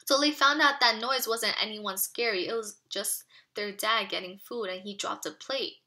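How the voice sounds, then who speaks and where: A woman's voice: medium pitch, normal speed. A woman teacher reading a picture book aloud to children, acting out the lines and stopping to ask questions and explain. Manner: expressive storytelling, asks children questions.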